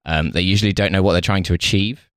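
A man's voice: deep voice, steady tone, fast, a bit bright, smooth, no echo. A man co-hosting a podcast, joking in a dry way and rambling with fillers. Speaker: podcast co-host. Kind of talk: casual chat.

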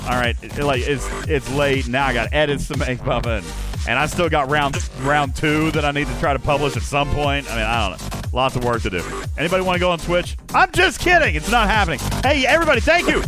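Over background music, a podcast host with a mid-range voice speaks briskly, bantering and rambling. Then he runs through long lists of his supporters' names.

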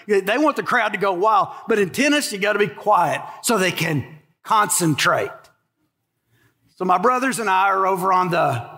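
A man's voice: high-pitched, fairly bright tone. A middle-aged man preaching a sermon, emphatic and storytelling, with rhetorical questions to his listeners. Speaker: pastor.

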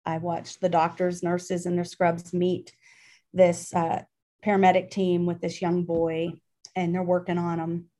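A woman's voice: on the low side, completely flat delivery, measured pace, dark tone. Earnest middle-aged woman telling a story. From Pittsburgh, Pennsylvania. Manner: earnest, emotional, with many fillers and restarts. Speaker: interview guest. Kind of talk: personal storytelling in an interview.

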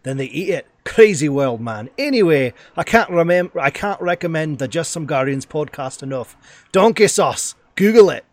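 A man doing an impression of a brash, loud TV chef in a punchy, hyped-up promo delivery. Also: fairly high pitch, animated, moderate pace, no room sound, natural voice.

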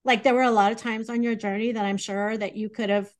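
A woman's voice: on the high side, fairly even intonation, fast talker. A woman hosting an interview who speaks in an effusive, affirming way. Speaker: host. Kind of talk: interview conversation.

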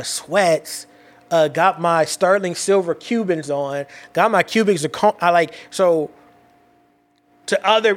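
Man with kids, casual personal storyteller, lively street slang, slightly higher pitch. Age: adult with children. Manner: animated, slangy, repeats himself and restarts.

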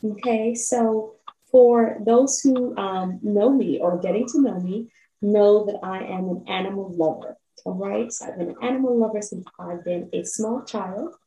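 A woman's voice: mid-range voice, unhurried, mellow, distant mic. Encouraging woman podcast host. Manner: encouraging, keeps asking "right?" and inviting listeners to lean in. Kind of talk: motivational self-help talk. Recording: roomy echo, off-mic.

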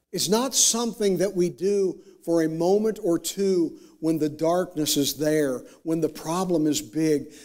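Pastor, male, slightly high voice, slow and emphatic, swings from fervent to hushed. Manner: builds to impassioned peaks, drops to near whispers. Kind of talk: sermon.

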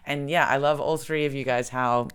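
A woman's voice: low voice, brisk, clear, resonant tone. An Australian woman in her thirties, hosting a casual chat as a comedian, talking bluntly and swearing freely. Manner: blunt, swears freely, animated when angry. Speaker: podcast host, comedian.

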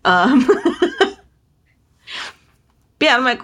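British woman with a lowish voice, dry and joking. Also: normal speed, fairly bright tone. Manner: dry, joking, laughs often. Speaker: podcast co-host. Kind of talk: casual book discussion chat.

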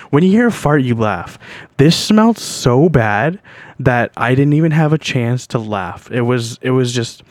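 A man's voice: mid-range voice, a little mellow, no echo, studio quality. A young man hosting a podcast, telling a story in a loose, rambling way, swearing often and breaking into laughter. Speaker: podcast host. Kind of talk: casual storytelling monologue.

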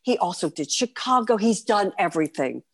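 This New York City woman in her fifties talks at a normal speed, her medium-pitched voice slightly rough and carrying a New York accent. Appearing as a guest performer in a podcast interview, she spins animated, vivid stories.

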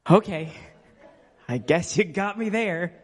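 Fervent preacher in a reverberant church. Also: male voice, high voice, slow. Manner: fervent preaching with Amens and Hallelujahs, storytelling asides. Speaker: pastor. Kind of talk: sermon. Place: church sanctuary. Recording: long reverb of a church hall.

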